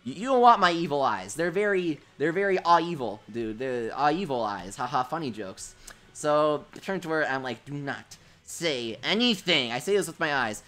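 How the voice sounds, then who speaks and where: A young man hosting a casual gaming livestream. He tells childhood stories in an animated way, says "dude" a lot and laughs at his own jokes. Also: on the high side. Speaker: livestream host.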